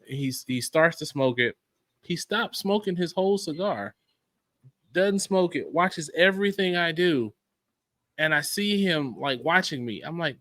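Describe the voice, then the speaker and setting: A man co-hosting a casual podcast who tells his stories in an easy, unhurried way. His voice has a bright, tense edge, and it is recorded close and dry. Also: on the high side, lively intonation, no echo. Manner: laid-back storytelling, frequent agreeing murmurs. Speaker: podcast co-host. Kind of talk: casual chat.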